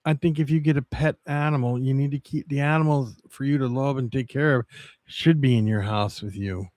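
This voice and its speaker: A man livestreaming, chatting casually with viewers in a rambling, halting way with many restarts. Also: medium pitch, darkish tone, no echo, clean studio sound.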